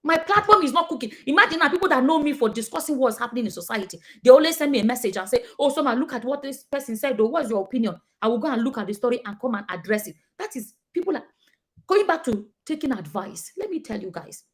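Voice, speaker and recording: Animated Nigerian woman vlogger. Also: high voice, quick pace. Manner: animated, emphatic, acts out quoted people. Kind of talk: casual commentary to camera.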